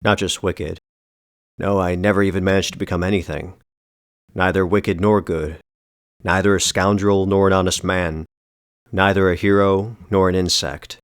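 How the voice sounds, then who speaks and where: A man narrating a first-person novel as an audiobook, with a measured, deliberate and bitterly ironic delivery. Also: deep voice, little pitch movement, clean tone, no room sound, clean studio sound.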